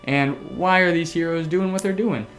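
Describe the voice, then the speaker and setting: A man hosting a casual podcast, telling a story excitably with sound effects and the odd swear word. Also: fairly high pitch, normal speed, soft background music. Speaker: podcast host.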